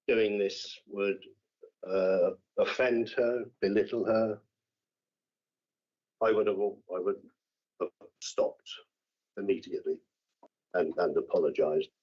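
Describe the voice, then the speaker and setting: An English man speaking as a councillor at a formal hearing, halting and repeating his words. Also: lowish voice, a little mellow. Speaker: councillor responding to a complaint. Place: council meeting room. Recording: dull lo-fi meeting recording.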